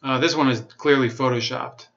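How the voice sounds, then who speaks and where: A man giving casual commentary, reading an article aloud and rebutting it with halting restarts and wry asides. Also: mid-range voice, fairly even intonation, creaky, a bit bright. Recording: dull lo-fi sound.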